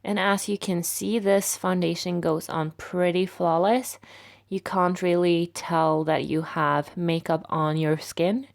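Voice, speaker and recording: A woman with a raspy voice narrating a makeup tutorial in a relaxed, step-by-step way. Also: fairly low pitch, takes it slowly. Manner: relaxed, step-by-step explaining with fillers.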